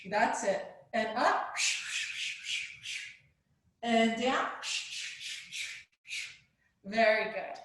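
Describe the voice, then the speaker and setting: High-voiced woman guiding kids' yoga. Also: fairly bright tone. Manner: encouraging, playful, makes animal sounds. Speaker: kids yoga teacher. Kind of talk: guiding a children's yoga class. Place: live virtual class. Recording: very echoey room.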